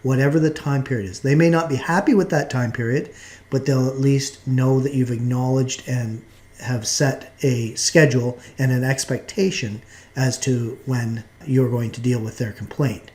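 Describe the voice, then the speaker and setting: A man giving a recorded course lecture in a measured, explanatory way, now and then restarting a phrase. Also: medium pitch, fairly even intonation, a little mellow.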